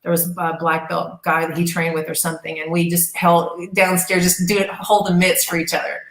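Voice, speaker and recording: Animated, profane woman telling stories. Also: on the low side, normal speed. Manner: animated, profane storyteller who acts out quoted voices. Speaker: interview guest. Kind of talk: casual storytelling interview. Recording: echoey room.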